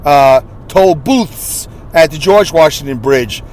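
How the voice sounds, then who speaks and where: A man's voice: on the high side, animated, slow pace, a little mellow. Rambling New York man driving. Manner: rambling, jokey, self-mocking. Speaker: podcast host. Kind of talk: casual monologue while driving. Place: inside a car on a highway. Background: car and road noise.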